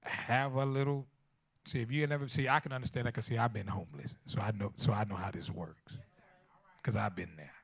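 Man preaching with loud, hushed swings. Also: on the low side, steady tone, brisk, creaky, breathy edge. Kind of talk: sermon.

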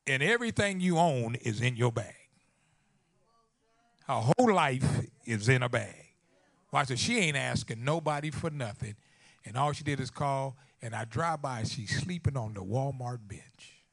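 Man preaching with loud, hushed swings. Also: mid-range voice, expressive, normal speed, vocal fry. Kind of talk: sermon.

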